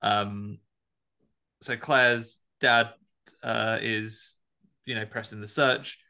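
Low, gravelly male co-host, bright edge, relaxed film recapper. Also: very slow. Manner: laid-back storyteller, swears casually. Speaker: podcast co-host. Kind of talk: casual podcast chat, recapping a film.

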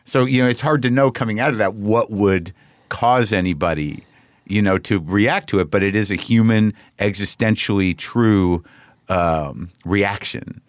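Hesitant male interviewer, lowish voice. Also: no room sound, studio quality. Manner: halting, searching, with many restarts and fillers. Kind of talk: conversational interview.

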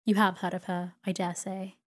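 A woman voicing a stern, imperious older aunt in a storybook reading, with a brisk, commanding manner. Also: mid-range voice, flat delivery, a bit bright, lightly acted.

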